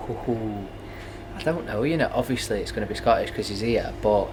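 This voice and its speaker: A man's voice: on the low side, moderate pace, noisy background. A young man, a new father chatting casually and joking on his vlog. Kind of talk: casual chat.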